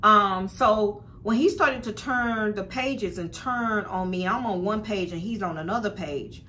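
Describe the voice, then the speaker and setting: A woman's voice: medium pitch, a little slow, bright, forceful tone, a little hiss or hum. A young woman telling a personal story to her viewers in a blunt, profane, casual way, often calling them y'all. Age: young adult. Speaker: spiritual vlogger.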